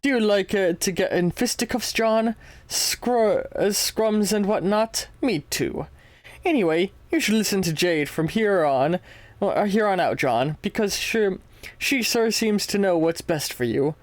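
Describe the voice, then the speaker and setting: A man's voice: high voice, lively intonation, a little slow, dry recording. Man doing a posh, chummy young British adventurer, hearty and eager, dry close recording. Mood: jovial. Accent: put-on British. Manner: hearty, chummy, stumbling over lines while reading aloud. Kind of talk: reading comic dialogue aloud in a character voice.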